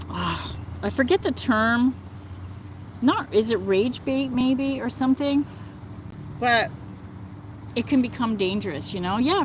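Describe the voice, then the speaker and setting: A woman hosting a casual livestream answers viewers with indignation, her speech peppered with "like" and "you know." Her voice is on the high side; the low-quality recording carries a little hiss or hum, and birds and thunder can be heard outside.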